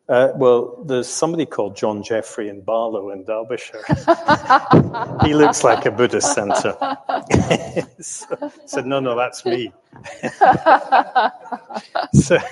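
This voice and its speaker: A man's voice: lowish voice, breathy edge, in a large hall. An older man from England telling his life story in a reflective, hesitant way, with many ums and restarts and the odd chuckle. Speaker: interviewee recounting his life.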